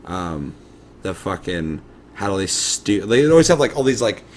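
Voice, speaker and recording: Young male co-host, low voice, rambling casual talk, swears a lot, faint background hiss. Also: sing-song, moderate pace. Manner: rambling, swears often, acts out past thoughts. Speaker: podcast co-host. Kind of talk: casual chat.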